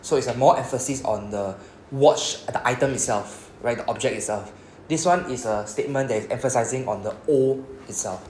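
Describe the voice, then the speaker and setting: A man with a Singaporean English accent teaches a Japanese lesson, explaining patiently and often checking in with students. His medium-pitched, darkish voice moves a little fast, and the echoey classroom recording has slight hiss or hum.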